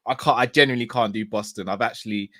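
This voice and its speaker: A man's voice: fairly low pitch, fairly even intonation, fast, sharp tone, no room sound. A man from England co-hosting a casual football chat online, reading out viewer comments and laughing easily. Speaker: podcast co-host.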